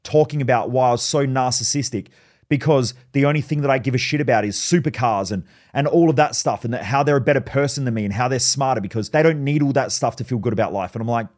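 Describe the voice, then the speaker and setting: A man's voice: mid-range voice, fast talker. A man, hosting a podcast and giving a blunt motivational monologue full of swearing and personal stories. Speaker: podcast host.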